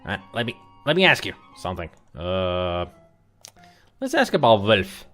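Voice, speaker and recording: A man's voice: on the low side, wildly swooping pitch, measured pace, bright, forceful tone. A man giving casual, joking commentary while playing an old computer game, chatting and muttering asides. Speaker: let's play host. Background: faint game music.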